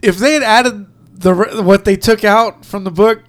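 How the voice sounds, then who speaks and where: A man's voice: high voice, moderate pace. A man chatting casually about movies on a podcast. He laughs often and trails off mid-sentence. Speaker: podcast co-host.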